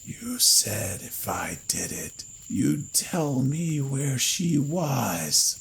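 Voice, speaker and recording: A man voicing a pale drowned male corpse creature in a horror story narration, with a hoarse, papery whisper and slow, drawn-out words. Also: big pitch swings, fairly bright tone, a little hiss or hum, full character voice. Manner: slow, drawn-out words rising to shrill screams.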